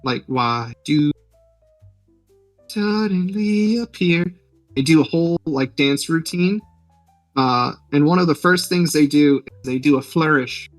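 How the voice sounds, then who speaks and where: A man's voice: fairly high pitch, normal speed, no echo, far from the mic, faint music behind, low-quality recording. A man hosting a podcast, retelling a film's plot in a rambling, joking way with lots of fillers. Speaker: podcast host. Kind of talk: casual movie recap.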